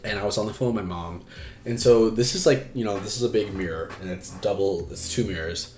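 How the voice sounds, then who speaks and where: A man's voice: on the low side, brisk, a little mellow, reverberant, a little hiss or hum. A man hosting an advice livestream, talking frankly and casually with lots of fillers and swearing. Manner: frank and chatty, swears freely, many fillers. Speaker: advice stream host.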